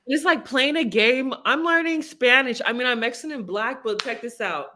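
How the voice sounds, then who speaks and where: A woman's voice: fairly high pitch, moderate pace, noisy background. A woman hosting a casual livestream chat, giggly and scattered, rambling from thought to thought. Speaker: livestream host.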